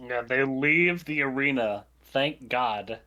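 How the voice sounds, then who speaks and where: A man's voice: medium pitch, pushed and bright. A man co-hosting a podcast who mostly chimes in with dry one-liners and groans. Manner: slow, dry interjections and groans. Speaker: podcast co-host. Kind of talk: casual chat.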